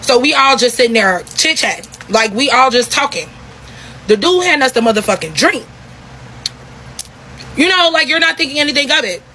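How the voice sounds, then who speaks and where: A young woman telling a story in a casual vlog, talking in a profane, animated, repetitive way. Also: sits high, moderate pace, pauses often, a little hiss or hum, low-quality recording.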